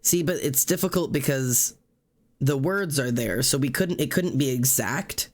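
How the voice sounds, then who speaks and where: Slow, rambling man on a stream. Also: medium pitch. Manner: rambling, full of fillers and swearing. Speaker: livestreamer. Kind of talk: casual chat while sketching tattoo ideas.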